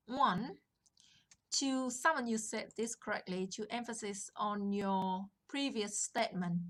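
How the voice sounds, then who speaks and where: A woman teaching a language lesson on a live stream, explaining patiently and greeting viewers from the chat. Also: fairly high pitch. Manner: slow, patient explaining with chat shout-outs.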